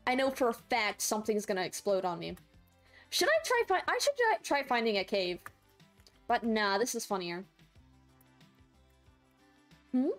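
A young woman with a fairly high voice and huge pitch swings streams a game live, speaking at normal speed with long pauses and faint music behind. Her commentary is playful; she laughs a lot and squeals when viewers troll her.

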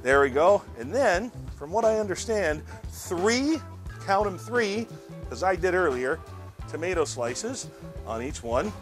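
A man's voice: sits high, big pitch swings, unhurried, music in the background. A man hosting his own cooking show, chatting casually to viewers while he demonstrates a recipe, often repeating words as he goes. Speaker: cooking channel host.

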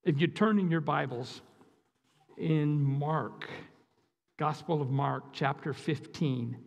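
An Upper Midwest American man preaching a sermon in a high, gravelly voice, taking it slow. He sounds earnest and emphatic and repeats himself for weight. The voice rings out with a long hall reverb. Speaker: guest preacher. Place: church sanctuary.

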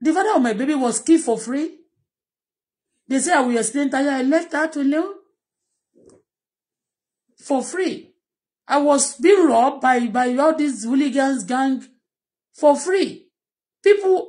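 Middle-aged Nigerian-accented woman, personal vlog, pleading and repetitive, slightly high voice. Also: unhurried, long pauses, a little mellow. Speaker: vlogger.

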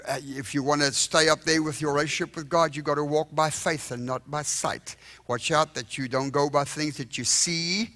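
In a church sanctuary, a middle-aged South African preacher with a mid-range voice delivers a lively revival sermon. He jokes with the congregation and keeps asking "all right?" along the way.

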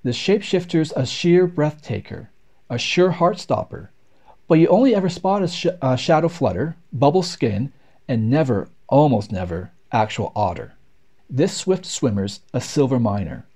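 A man reads nature poems aloud with rhythmic, expressive delivery. His mellow, dark tone rises and falls in lively swings. The pace follows the beat of the verse. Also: mid-range voice, normal speed. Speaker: reader. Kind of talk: poetry read aloud.

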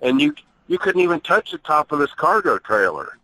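A man recounting an incident at his trailer in plainspoken, rough-edged talk. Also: on the high side, big pitch swings, normal speed, pushed and bright, a little hiss or hum, rough recording. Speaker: guest recounting an encounter.

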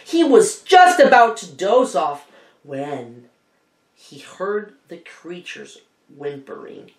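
A woman teacher reading a picture book aloud to children, animated, asking her listeners questions along the way. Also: mid-range voice, takes it slowly. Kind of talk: children's storybook read-aloud. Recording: echoey room.

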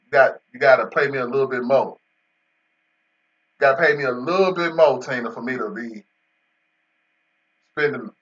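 Far from the mic on a muffled recording, a man provides joking commentary as host of a football video game, trading banter about getting paid with an unseen in-game agent. He uses casual, AAVE-flavored speech at medium pitch and normal speed, a bit bright, with long pauses.

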